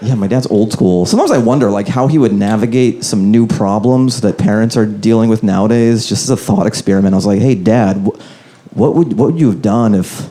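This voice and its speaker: A male stand-up comedian doing a loose, conversational set on a club stage, slipping into quick impressions, recorded live with a handheld mic. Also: fairly low pitch, warm tone. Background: audience laughter.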